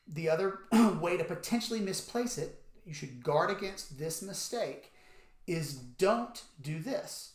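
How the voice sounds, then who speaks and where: A man's voice: fairly high pitch, lively intonation, a little slow, slight background noise. A man teaching a drum lesson, explaining the technique and calling out strokes and counts aloud as he plays. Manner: calls out strokes and counts aloud while playing. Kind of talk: instructional demonstration. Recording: roomy echo with loud stick clicks on a practice pad.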